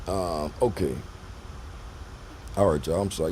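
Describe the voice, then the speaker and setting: A man's voice: low voice, unhurried, long pauses, mellow, slight background noise. A man, talking loosely and repeating himself as he walks viewers through a trading lesson on screen. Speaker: trading educator.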